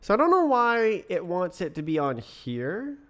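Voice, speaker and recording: His voice sits high and fairly bright, with pitch swooping wildly as he talks unhurriedly. The young man from Britain is live-coding on stream, puzzling things out aloud, mumbling to himself and casually responding to chat.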